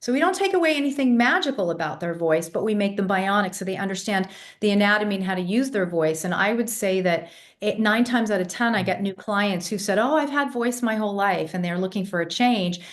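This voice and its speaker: A woman in her fifties, partly raised in England but now speaking with an American accent, appears in a podcast interview as a vocal coach. Her mid-range voice moves fairly quickly, and she tells stories fluently, confidently, and with emphasis.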